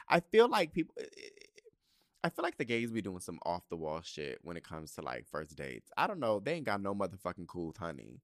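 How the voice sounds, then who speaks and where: A man's voice: on the low side, huge pitch swings, normal speed, dry recording, studio quality. A man hosting a podcast, telling stories in a campy, profane, casual way and acting out his own reactions. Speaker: podcast host. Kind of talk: casual comedic storytelling.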